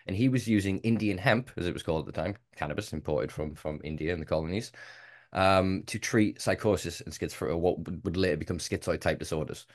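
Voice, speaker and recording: A man with a fairly low voice hosts a casual podcast chat. He talks in long, heated run-on stretches and swears freely. He is passionate and keeps going. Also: fast talker. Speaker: podcast host.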